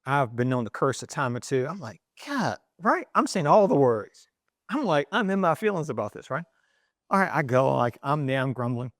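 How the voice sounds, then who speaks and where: A middle-aged man from East Baltimore tells a story from his career as a journalist. He acts out the voices and often restarts his sentences. The sound is dry and close, with a mid-range pitch. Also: moderate pace, no room sound. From East Baltimore, USA. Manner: animated, acting out quotes, frequent restarts. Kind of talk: anecdotal storytelling in an interview.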